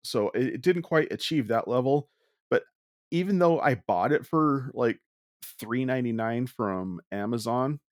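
A podcast co-host on a casual movie review show talks candidly in a mid-range, expressive voice, halting often with restarts and fillers. The sound is studio quality with no room sound.

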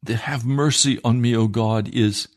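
A man's voice: medium pitch, steady tone, measured pace. A man preaching a sermon, emphatic and repeating phrases for weight.

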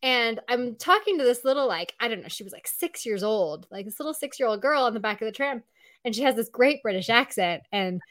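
A woman's voice: on the high side, animated, brisk, a bit bright. Chatty woman hosting a live show. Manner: chatty, full of "like" and "um". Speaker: podcast host. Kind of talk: casual live-show chat.

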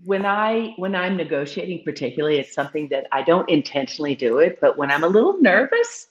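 A middle-aged woman from Nashville with a slight Southern accent, chatting casually as an interview guest and acting out quotes in animated voices. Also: on the low side, fast, lo-fi sound. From Nashville, Tennessee. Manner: lively storyteller, acts out quotes with animated voices. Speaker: real estate broker guest.

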